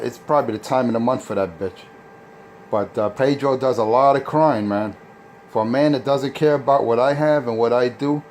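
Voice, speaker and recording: A man's voice: mid-range voice, darkish tone, slight background noise. A man on CB radio, taunting and insulting rival operators in a boastful, crude way. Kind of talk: trash talk over CB radio.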